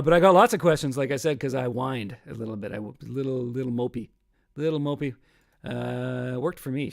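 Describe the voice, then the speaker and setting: Guy with a pretty high voice rambling between songs on his stream, kinda self-mocking, trails off a lot. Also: creaky. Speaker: singer-songwriter livestream host. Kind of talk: casual chat between songs.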